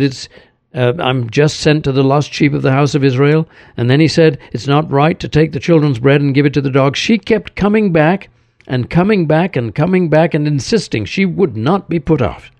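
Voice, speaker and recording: A man preaching an earnest sermon, speaking directly to the listener and letting his voice sink low and soft at the ends of phrases. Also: dry recording. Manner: earnest, addresses listener as "my friend". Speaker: regular host of a recorded devotional.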